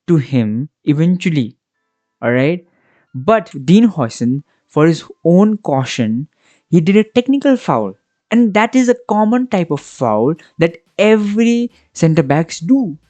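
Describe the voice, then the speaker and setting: This high-pitched, slightly mellow male voice, recorded with no room sound, belongs to a football fan channel host doing a reaction vlog. He rants with passion and exasperation, constantly checking in with the listener through tag questions.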